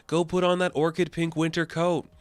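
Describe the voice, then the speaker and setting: A man reading the lines of a pushy famous photographer in a hurried, bossy way. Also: a little high, little pitch movement, no echo, pitched above the performer's own voice, lightly acted.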